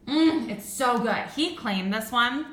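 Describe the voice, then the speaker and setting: A young woman reviewing candles in a casual vlog, gushing and excitable, with lots of "like" fillers. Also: a little high, slow pace, reverberant, noisy background. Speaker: beauty and candle vlogger.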